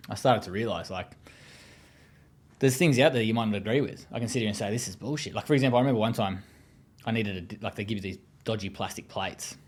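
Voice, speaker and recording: A man's voice: on the low side, quick pace. An Australian man speaking as an interview guest, telling his story in a blunt, profane, casual way with many fillers.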